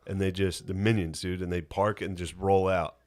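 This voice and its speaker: Man, low voice, podcast co-host, crude joking riffs, laughs a lot. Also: flat delivery, normal speed, a little mellow. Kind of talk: casual podcast banter.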